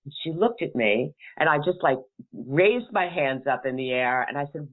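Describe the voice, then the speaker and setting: A woman's voice: sits low, expressive, normal speed. A middle-aged woman hosting a call-in talk show, telling a family story in a chatty way and laughing between sentences. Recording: tinny phone-like sound.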